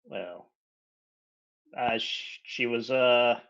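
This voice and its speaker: A man's voice: medium pitch, extremely slow, fairly bright tone. A man playing a tabletop game, speaking in character with jokes and stammering. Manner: joking, stammering. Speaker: player. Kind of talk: in-character tabletop role-play. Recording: dull lo-fi mic.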